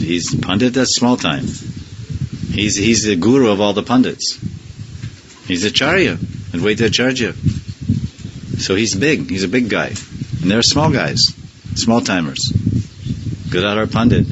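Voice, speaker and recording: A man's voice: on the low side, lo-fi sound, noisy background. A man teaching a scripture class in a loose, conversational way, firing rhetorical questions at his listeners and chuckling now and then. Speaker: spiritual teacher.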